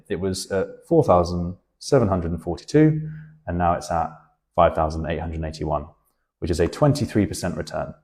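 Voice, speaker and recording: A man's voice: sits low, warm tone. A British man, a personal finance educator, explaining money over on-screen charts and walking through the figures step by step.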